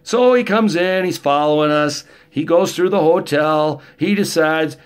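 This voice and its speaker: A man's voice: on the high side, measured pace, few pauses. A middle-aged man, telling stories in a rambling, joking monologue. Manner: rambling, joking, rough-edged storytelling. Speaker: vlogger. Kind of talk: casual monologue.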